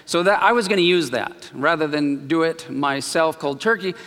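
A man preaching a sermon, telling a personal story with animated swings between quiet and loud. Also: on the high side, moderate pace, big-room sound. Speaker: pastor.

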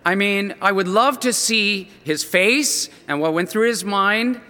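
A man's voice: high voice, measured pace, hardly any pauses, pushed and bright, in a large hall. A man preaching a sermon as a story, earnest and emphatic, often restarting his phrases.

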